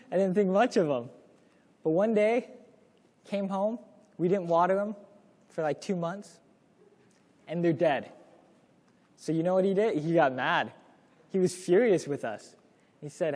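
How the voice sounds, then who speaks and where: Pausing often at a normal speed, a young course presenter tells a parenting lesson to his class as a casual story, performing the quotes he cites. His voice leans high with a darkish tone, and the sound is that of a big room.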